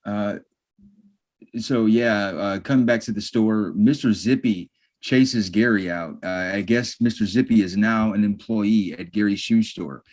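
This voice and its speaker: A man's voice: lowish voice, measured pace, a little mellow. A man co-hosting a podcast, summarizing a sitcom plot in a laid-back way with hesitant fillers. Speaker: podcast co-host. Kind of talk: casual chat recapping a sitcom episode.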